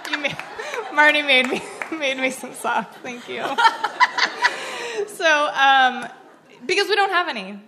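A woman's voice: high-pitched, unhurried, pauses often, sharp tone. A woman co-hosting a live comedy podcast, giggly and sheepish as she admits a fail. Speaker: podcast co-host. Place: live stage before an audience.

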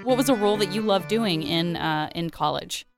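A woman's voice: lowish voice, moderate pace, gravelly, music in the background. A woman hosting a casual podcast interview, talking with effusive enthusiasm. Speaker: podcast host.

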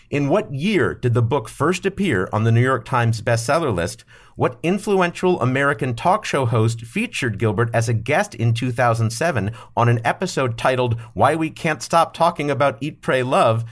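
A man's voice: mid-range voice, lively intonation, moderate pace. A man hosting a comedy quiz podcast, reading trivia questions in an upbeat, scripted way. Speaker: quiz show host.

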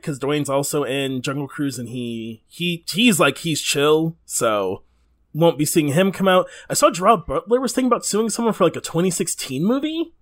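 A man co-hosting a podcast in casual chat, rambling, swearing freely and laughing often. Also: on the high side. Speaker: podcast co-host.

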